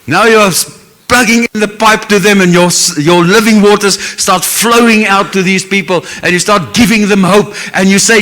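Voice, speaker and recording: A man's voice: high voice, moderate pace, sharp tone. A man with a South African English accent preaching a sermon as pastor, earnest and emotional, with Afrikaans phrases mixed in.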